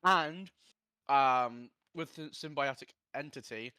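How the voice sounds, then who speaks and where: Bright-voiced eager man at a game table. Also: mid-range voice, takes it slowly, smooth, dry recording, clean studio sound. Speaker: player. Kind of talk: casual chat at a game table.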